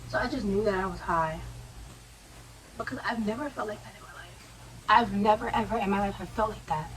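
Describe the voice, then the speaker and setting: A young woman vlogger telling a personal story in a casual, slangy, animated way, with quoted asides. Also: medium pitch, fairly quick, far from the mic, crowd noise, rough recording.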